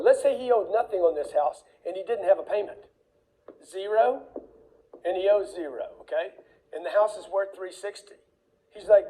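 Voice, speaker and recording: A man with a fairly high but dark, mellow voice gives a motivational money talk. He speaks bluntly and emphatically, hammering home warnings over and over. He acts out back-and-forth conversations as he goes. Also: expressive, moderate pace, poor audio. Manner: acts out dialogue in quoted voices. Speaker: speaker on wealth.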